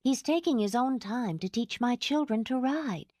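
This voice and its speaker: A woman doing a tired, gentle young mother. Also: on the high side, moderate pace, no room sound, clean studio sound, voice pushed up. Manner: tired, calm, earnest.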